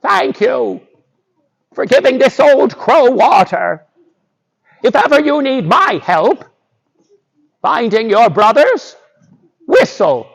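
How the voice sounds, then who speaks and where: A man's voice: very high-pitched, sing-song, slow pace, gravelly, pauses often, slightly rough, voice pushed up, heavily acted. A man voicing a grateful old crow in a live folktale telling, his voice lifted and lilting.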